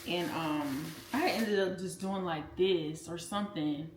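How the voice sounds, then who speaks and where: A woman's voice: lowish voice, a little slow. A woman in her twenties chatting casually while she cooks at home, blunt and profane, talking straight to her viewers. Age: 20s. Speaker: vlogger. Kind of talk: casual storytime while cooking. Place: home kitchen. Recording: echoey room with loud background noise.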